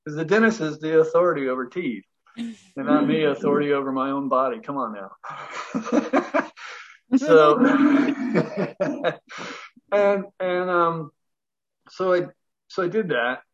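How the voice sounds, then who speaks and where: A man's voice: a little high, very animated, slow, long pauses. A middle-aged man telling a personal story in a casual interview, laughing between lines and acting out the voices of the people in it. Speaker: guest breathwork teacher. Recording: dull lo-fi audio.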